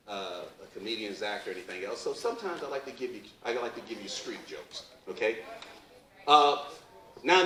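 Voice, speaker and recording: Lively stand-up comedian man, roomy stage. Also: mid-range voice. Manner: loose, joking, asks the crowd questions. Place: live comedy club stage. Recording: roomy live venue from far off.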